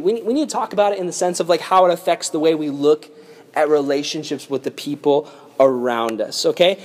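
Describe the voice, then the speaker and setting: A young adult man preaching a casual, lively youth sermon. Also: a little high. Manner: lively, casual storytelling with slang. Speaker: youth pastor.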